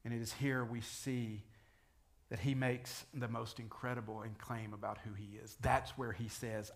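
A male pastor gives a sermon in a conversational tone, talking straight to his listeners. His voice sits at an ordinary middle pitch, and he lifts it loudly for the dramatic scripture quotes. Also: flat delivery, measured pace. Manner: conversational preaching, rising to loud dramatic quotes.

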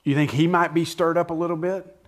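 Guy preaching a sermon, chatty, keeps asking the crowd stuff, gets loud then drops soft. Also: on the high side, steady tone, brisk. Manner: conversational, asks the listeners questions, acts out lines with shifts in loudness. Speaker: pastor.

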